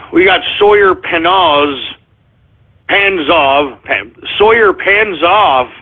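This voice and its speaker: A man hosting a live radio show, ranting angrily, shouting, swearing and taunting listeners. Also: sits high, lively intonation, very slow, long pauses. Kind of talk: live call-in radio rant. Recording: tinny lo-fi broadcast audio.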